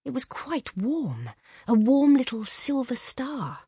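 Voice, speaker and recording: A woman narrating a classic short story in an expressive, lilting way. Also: high voice, slow, breathy edge, no room sound, clean studio sound. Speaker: audiobook narrator. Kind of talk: scripted narration.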